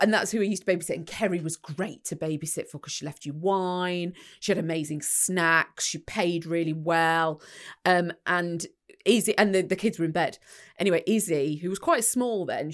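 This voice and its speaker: A woman co-hosting a podcast, rambling through anecdotes with lots of fillers and little acted-out voices. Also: fairly low pitch. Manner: chatty, rambling, many fillers, acts out voices. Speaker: podcast co-host. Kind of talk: casual chat, storytelling.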